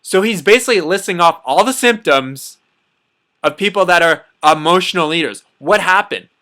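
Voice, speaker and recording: A man's voice: high-pitched, lively intonation, normal speed, bright, forceful tone. A man talking casually to camera about diet, repeating himself and dropping lots of "you know.". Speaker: diet vlogger.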